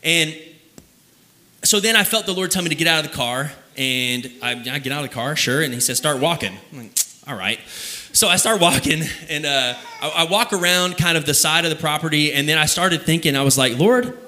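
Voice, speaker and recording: A young male pastor preaches in a relaxed, storytelling manner. His voice is bright and forceful and sits a little higher than most men's. He drags out key phrases for emphasis. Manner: conversational storytelling, laughs at himself, slows down for emphasis. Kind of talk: sermon.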